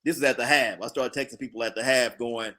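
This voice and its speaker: A man's voice: medium pitch, fast talker, bright, forceful tone. A man co-hosting a podcast, recapping football games and reading out an article in casual chat. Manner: talks through sports recaps, reads out articles. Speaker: podcast co-host.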